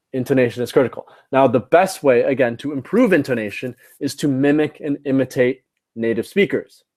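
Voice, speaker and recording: A man's voice: medium pitch, a little mellow. Man teaching in a live class. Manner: instructive, repeats points, asks "right?" and "okay?". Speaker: TOEFL teacher. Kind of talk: live online class lesson.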